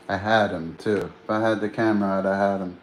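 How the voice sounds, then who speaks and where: A man's voice: on the low side, steady tone, measured pace, slight background noise. A tired man hosting a livestream, chatting casually and drifting between topics, with slang and free swearing. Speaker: livestream host. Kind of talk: casual rambling chat.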